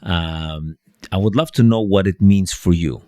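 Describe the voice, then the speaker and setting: Man, podcast host, very deep voice, dry studio sound, rambling questions. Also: measured pace, dark tone, no echo. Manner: rambling questions with many restarts and fillers. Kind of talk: podcast interview.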